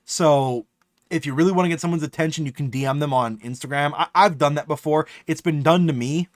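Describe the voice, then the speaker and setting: A man's voice: on the high side, a little fast, no echo, clean studio sound. A man chatting casually on a live stream, rambling and swearing often, restarting his sentences.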